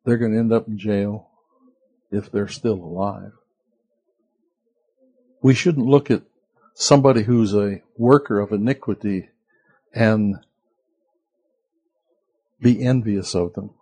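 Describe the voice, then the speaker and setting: A man's voice: fairly low pitch, slow, pauses often, warm tone, slightly rough. A man preaching a conversational sermon as pastor, asking the listeners rhetorical questions.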